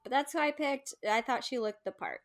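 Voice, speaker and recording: A woman's voice: sits high, fairly quick. A woman co-hosting a casual podcast chat, talking loosely and laughing easily. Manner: chatty, laughing, swearing casually. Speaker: podcast co-host.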